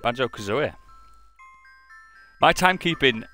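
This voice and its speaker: A man's voice: medium pitch, lively intonation, measured pace, pushed and bright, faint music behind. A man streaming a video game, talking in a dry, offhand and sweary way. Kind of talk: casual live-stream gameplay commentary.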